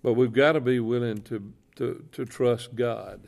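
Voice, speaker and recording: A man's voice: medium pitch, fairly even intonation, a little slow, creaky, a little mellow. A middle-aged man, a chaplain telling an earnest, folksy faith story and repeating his points. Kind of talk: testimony storytelling on a talk show.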